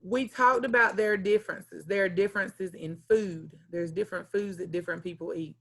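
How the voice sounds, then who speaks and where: A woman teacher walks young students through their weekly lesson, speaking clearly and deliberately. She steps through lists one item at a time in a mid-pitched voice. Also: a bit bright. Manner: clear, deliberate teacher talk with list-like repetition. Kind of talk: recorded classroom lesson.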